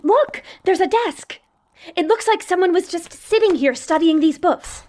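An actress playing a calm, curious young woman who soothes her friend in a gentle, reassuring, often hushed voice, in an audio drama. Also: high voice, moderate pace. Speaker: voice actor.

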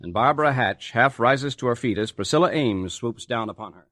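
A male narrator guides a vintage radio drama in measured, steady tones. His pitch sits in the middle range, and faint music plays beneath him. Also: dry recording, studio quality.

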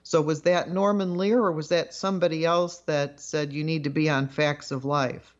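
A woman's voice: sits low, steady tone, normal speed, lo-fi sound. A woman co-hosting a radio interview, exclaiming in surprise and asking long questions. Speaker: radio show co-host.

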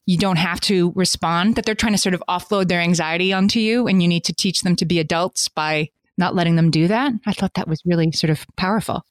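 A woman's voice: fairly low pitch, fairly even intonation, fairly quick, no room sound, studio quality. A woman co-hosting a parenting podcast, chatting casually with restarts and fillers. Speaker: podcast co-host. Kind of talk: casual chat.

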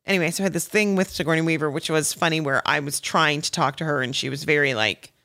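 Laughing woman telling animated stories. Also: low voice, fast. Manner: animated, laughing, acts out quoted voices. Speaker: podcast guest, comedian. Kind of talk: casual storytelling chat.

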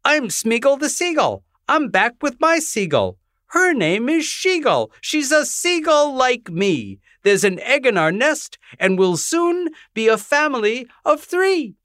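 A man's voice: very high-pitched, very animated, a little slow, a bit bright, no echo, studio quality, pitched above the performer's own voice, heavily acted. A man reading aloud and voicing a proud, cheerful male seagull in rhyming verse. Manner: sing-song rhyming.

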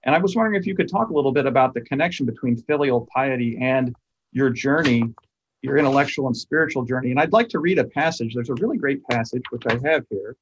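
A man interviewing an author, asking his questions in a measured, unhurried way. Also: medium pitch, lively intonation, slight background noise. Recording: dull, muffled recording.

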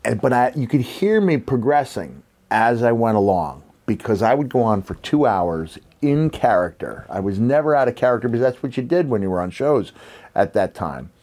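A man's voice: mid-range voice, sing-song, normal speed, a little mellow. A man in his fifties with a slight New York accent, a podcast host and former wrestler telling stories in a reflective, rambling way with many fillers. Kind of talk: casual storytelling chat.

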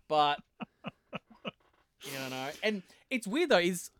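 A man's voice: high voice, sing-song, slow, fairly bright tone, no echo. A man co-hosting a podcast, chatting casually about a TV show, laughing often and restarting his sentences. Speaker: podcast co-host. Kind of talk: casual chat.

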